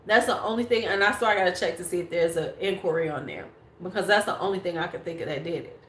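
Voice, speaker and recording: Speaking fast in a lowish, slightly bright voice, this American woman in her forties chats bluntly and casually with viewers on her beauty livestream, swearing freely. The recording has an echoey room sound.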